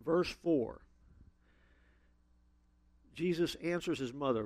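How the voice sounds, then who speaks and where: A man's voice: a little high, lively intonation, moderate pace, dry recording. A man preaching a sermon as a pastor, telling stories and acting out the people he quotes. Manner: storytelling, acts out quoted voices with big swings.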